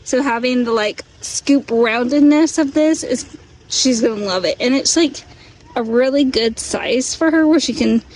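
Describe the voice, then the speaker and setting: High-voiced young woman vlogging at home. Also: a little mellow. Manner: chatty, fond baby talk to her dog. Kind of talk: casual vlog chat. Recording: roomy echo, mic at a distance.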